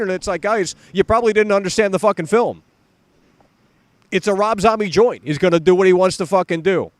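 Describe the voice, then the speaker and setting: A fairly high-voiced young man hosts a live stream, speaking close to a dry mic. He rambles and swears constantly, full of fillers and repeated words. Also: fairly quick, no room sound. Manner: profane, animated, with many fillers and repeats. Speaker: host of a live horror film stream. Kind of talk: casual live-stream commentary.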